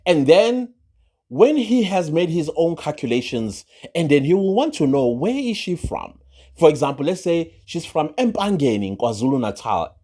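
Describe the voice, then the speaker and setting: Animated, sarcastic man. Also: on the high side, normal speed. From South Africa. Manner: animated, sarcastic, with rhetorical questions. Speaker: social commentary vlogger. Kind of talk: opinionated gossip commentary.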